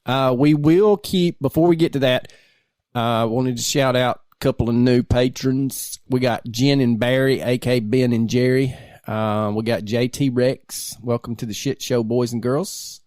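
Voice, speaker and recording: A married man co-hosting a laid-back podcast, talking in loose, rambling bursts with a laugh slipping into his sentences. His voice sits at an ordinary pitch, and the recording is close and dry, with no room sound. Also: fairly even intonation, a little slow, a little mellow, dry recording. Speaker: podcast co-host. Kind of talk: casual podcast banter.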